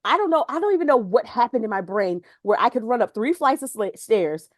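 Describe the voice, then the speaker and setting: Animated high-voiced woman podcast co-host. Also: a little fast, no echo, studio quality. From Pennsylvania. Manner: animated storytelling, laughs often. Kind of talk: casual chat.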